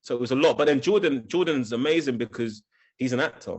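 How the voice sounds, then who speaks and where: A man's voice: mid-range voice, quick pace, husky. A man with a London accent, talking casually as an interview guest, loose and full of fillers. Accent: London English. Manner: easygoing, rambling, with fillers and restarts.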